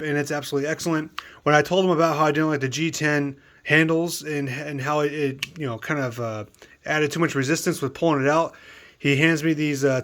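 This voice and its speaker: A man talks through his collection in a loose, easygoing show-and-tell manner. His voice sits a little higher than most men's, and he rambles, restarts sentences and wanders into asides as he goes. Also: a bit bright. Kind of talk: casual show-and-tell review.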